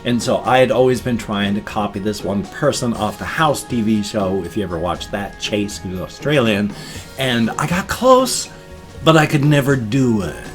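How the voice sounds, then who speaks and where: A man's voice: lowish voice, lively intonation, moderate pace, faint music behind. A tired man in his fifties rambling through a casual vlog, explaining things at length with restarts. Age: 50s. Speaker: vlogger.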